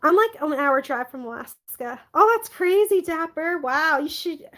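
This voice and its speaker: Bubbly high-voiced woman live streamer. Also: lively intonation, moderate pace, a bit bright, poor audio. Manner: chatty, bubbly, many "like" fillers, yawning. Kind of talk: casual live stream chat reading comments.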